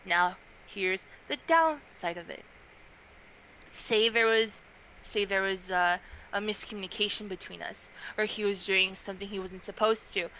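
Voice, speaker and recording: A woman's voice: mid-range voice, a little slow, slight background noise, rough recording. A young woman being interviewed as a tarot reader, talking casually with lots of fillers. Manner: chatty, frequent fillers, animated quoting.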